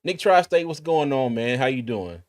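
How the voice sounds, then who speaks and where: A man's voice: medium pitch, expressive, normal speed. A man hosting a casual sports live stream, laid-back and chatty, with many fillers and restarts. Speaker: sports podcast host.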